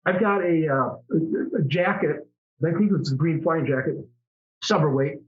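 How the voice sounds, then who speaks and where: A man's voice: fairly high pitch, normal speed, narrow, tinny audio. A middle-aged man, a former fighter pilot, telling stories in a casual interview, rambling with many restarts.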